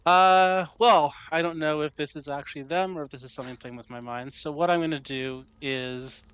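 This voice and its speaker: A man's voice: on the high side, fairly even intonation, normal speed, fairly bright tone, clean tone, no echo, muffled recording. A man playing a tabletop role-playing game, making wry remarks and describing his character's actions. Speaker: player.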